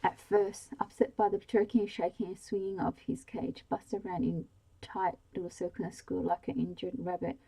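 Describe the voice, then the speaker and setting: A woman reading a novel aloud in a soft-spoken ASMR bedtime style, slow and hushed. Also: lowish voice, level tone, vocal fry, husky, poor audio. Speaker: storyteller.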